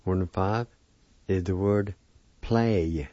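A man with a deep, dark voice teaches vocabulary at a slow, patient pace, spelling words out letter by letter and saying each one again and again. The recording is dry and dull, like an old lo-fi radio broadcast. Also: no room sound. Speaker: language teacher on a radio program.

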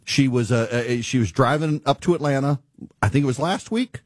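A man hosting a talk show, telling a driving story in an exasperated, animated rant. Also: mid-range voice, brisk, no echo, studio quality. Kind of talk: ranting monologue.

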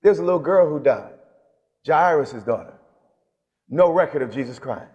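A man preaching a sermon in a large church, his voice sitting a little high for a man and trailing off in a long reverb. He swings from quick storytelling into loud shouts and slow, drawn-out emphasis. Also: lively intonation, lo-fi sound. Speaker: bishop. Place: church sanctuary.

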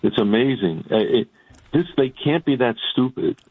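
A man calling into a radio show, talking emphatically and haltingly with many restarts. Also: medium pitch, slightly rough, no echo. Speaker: caller or guest. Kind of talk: casual radio talk. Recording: tinny phone line.

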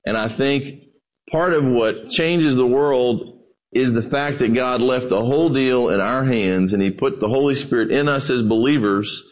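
A middle-aged man preaching a sermon, telling stories and talking to his listeners as "guys" in a relaxed, conversational way. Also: medium pitch, normal speed. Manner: storytelling with acted quotes, conversational asides to "guys". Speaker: pastor.

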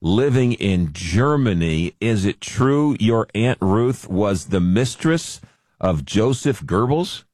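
A man's voice: on the low side, expressive, slow pace, a little mellow, no room sound, clean studio sound. A man interviewing an author, asking direct questions and recapping her story.

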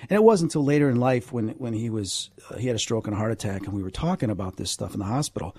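A man who is a guest, telling animated anecdotes with frequent asides in a conversation. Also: mid-range voice, quick pace, slightly rough, no room sound. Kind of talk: storytelling in a conversation.

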